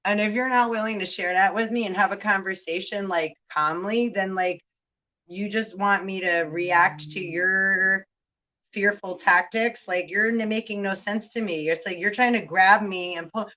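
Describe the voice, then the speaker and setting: A woman's voice: mid-range voice, steady tone, moderate pace, pushed and bright. Rambling woman, dull lo-fi sound. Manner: rambling, laughs often, swears, keeps asking "right?". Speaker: spiritual reader. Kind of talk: casual spiritual vlog talk.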